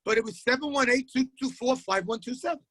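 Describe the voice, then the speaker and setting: A man, a high school basketball coach telling stories in a casual interview, animated and acting out voices. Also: quick pace, no room sound. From Queens, New York. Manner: animated storyteller who acts out voices and repeats himself.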